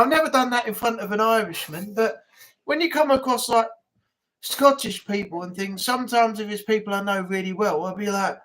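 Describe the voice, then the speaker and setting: A woman's voice: medium pitch, brisk, a bit bright, rough recording. A woman hosting a casual weekly live chat, rambling easily from one thing to the next with frequent "like" and "you know". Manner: rambling, lots of fillers and asides. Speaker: live-stream host.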